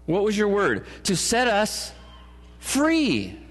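Joking pastor preaching in an echoing hall. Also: male voice, high voice, huge pitch swings, slow pace. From California. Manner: joking asides and playful put-on voices. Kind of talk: sermon. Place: church sanctuary. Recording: long church hall reverb.

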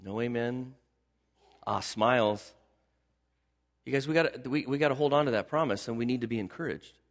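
Male pastor, mid-pitched, conversational sermon with emphatic repetition, long hall reverb. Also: moderate pace. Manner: conversational, emphatic repetition, asks the congregation questions.

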